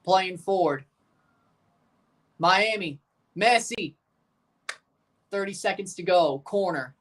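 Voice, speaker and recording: A streamer with a high, slightly bright voice speaks at a slow pace while watching football live. His commentary is chatty and in the moment, covering the play and his viewers' questions, and he turns nervous late on.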